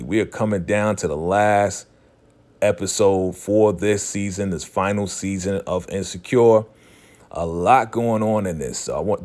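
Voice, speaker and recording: A man's voice: low-pitched, a little mellow. A man casually recapping a TV episode, slipping into the characters' quoted lines and talking straight to his viewers in slang. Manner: retells scenes by half-acting the characters' quoted lines.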